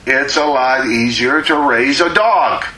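A man preaching a sermon as a pastor, slow and emphatic, drawing out words to press his points. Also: mid-range voice, sharp tone, reverberant, poor audio.

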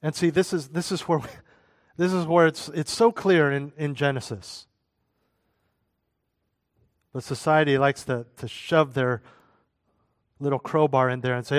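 A man's voice: a little high, fairly even intonation, a little slow, long pauses, no echo. A man preaching a sermon as a pastor, conversational, with asides and jokes.

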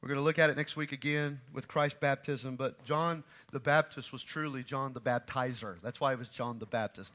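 A middle-aged pastor with a mid-range voice preaches a sermon, swinging from quiet asides to loud, emphatic lines he repeats.

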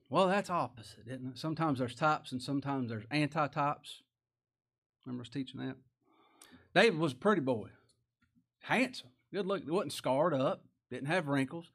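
A man preaching a sermon as pastor, chuckling often and rising to loud emphatic bursts. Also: mid-range voice.

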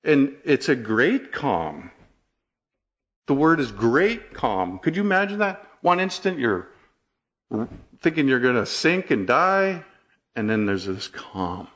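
A man's voice: medium pitch, takes it slowly, lo-fi sound. A man preaching a sermon, telling stories and asking rhetorical questions. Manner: storytelling, animated, rhetorical questions.

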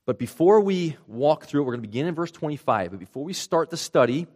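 A man's voice: fairly high pitch, sing-song, fast, a little mellow. A man with a Rhode Island accent delivers a sermon. He keeps it conversational, breaking each idea down step by step and adding asides along the way. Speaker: pastor.

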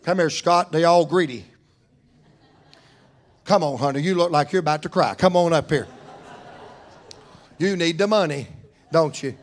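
A man preaching a church sermon, swinging between loud fervent cries and quiet, soft-spoken stretches. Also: a little high, measured pace, pauses often. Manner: fervent preaching with rising shouts and soft drops.

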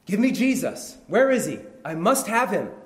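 A desperate blind beggar, as a preacher puts him on, cries out in a loud, high, straining voice. He pleads over and over and will not be hushed. His voice swings widely in pitch. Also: very animated, normal speed. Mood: desperate pleading.

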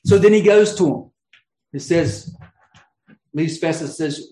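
A man's voice: fairly high pitch, slow pace, warm tone, roomy sound, poor audio. A man preaching a sermon, earnest, often restarting his sentences and rising into emphatic peaks. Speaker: pastor.

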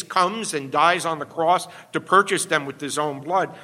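A man's voice: on the high side, unhurried, pushed and bright. A man pastor delivering a teaching sermon, explaining step by step and often checking in with "all right?". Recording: long hall reverb.

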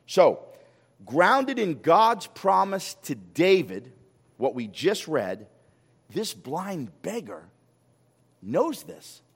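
A man preaching a sermon as a pastor, animated, firing rhetorical questions and repeating words when he gets excited. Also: on the high side, very slow, gravelly, pauses often, breathy edge. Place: church sanctuary. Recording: long hall reverb.

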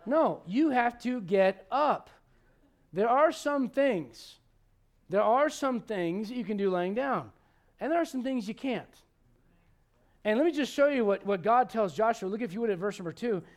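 A man's voice: high voice, animated, measured pace. A man in his forties preaching a sermon, acting out Bible characters with humor. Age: 40s. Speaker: pastor.

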